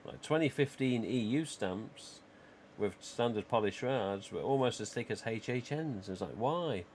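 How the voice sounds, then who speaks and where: Chatty low-voiced man. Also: a little mellow, a little hiss or hum. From England. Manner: rambling, chatty, trails off with "you know". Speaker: livestream host. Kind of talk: casual livestream chat.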